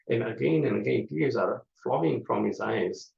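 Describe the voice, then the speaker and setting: A man teaching a scripture class, explaining slowly with many fillers. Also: medium pitch, animated, gravelly. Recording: echoey room, dull lo-fi sound.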